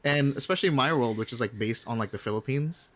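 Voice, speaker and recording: A man's voice: mid-range voice, fairly bright tone. Chatty man with frequent restarts. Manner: chatty, frequent restarts and asides, slips into quick impressions. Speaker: professional game master, podcast guest. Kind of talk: casual podcast interview.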